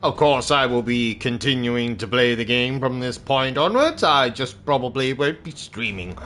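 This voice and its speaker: A man's voice: mid-range voice, moderate pace, fairly bright tone. A man hosting a gaming live stream, signing off with a theatrical, mock-grand delivery. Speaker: gaming channel host. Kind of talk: live stream commentary and sign-off.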